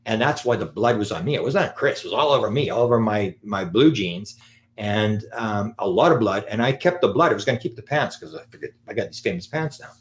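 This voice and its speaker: A man with a somewhat low voice speaks to a live audience. He tells a long anecdote in an animated way and acts out the quoted lines. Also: fairly quick. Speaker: lecturer on UFOs. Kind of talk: live storytelling talk.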